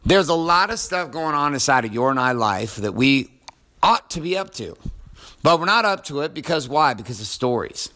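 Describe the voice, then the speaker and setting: A man's voice: on the high side, sing-song, normal speed, bright, forceful tone. A man in his forties giving a casual motivational monologue, blunt and profane, talking straight to the listener. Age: 40s.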